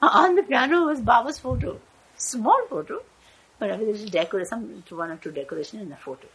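A woman's voice: fairly high pitch, animated, fairly quick, a bit bright, slightly rough, rough recording. An older woman telling a family story in a rambling way, often stopping to search for words. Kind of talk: personal storytelling. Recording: crowd chatter in background.

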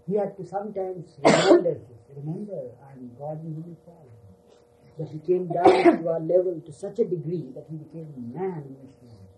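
Mellow older man telling a story. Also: fairly high pitch, poor audio. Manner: unhurried, repeats "you see" often. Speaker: storyteller recalling his teacher. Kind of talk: reminiscing talk to a gathering.

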